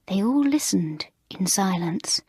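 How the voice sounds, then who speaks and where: Woman narrating a storybook, breathy tone. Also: medium pitch, no echo, studio quality. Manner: expressive, measured. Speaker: audiobook reader.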